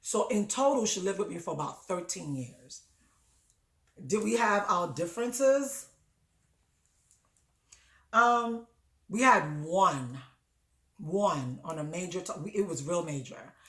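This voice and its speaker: A woman hosting an advice show, telling a personal story in a conversational, animated way that lifts high when she quotes herself. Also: slow pace, long pauses. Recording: echoey room.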